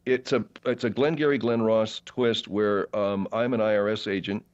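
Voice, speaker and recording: Rambling low-voiced man telling theater stories. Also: normal speed, clean tone, dull audio. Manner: rambling, animated anecdotes with many fillers and restarts. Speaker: podcast guest, actor. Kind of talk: casual interview storytelling.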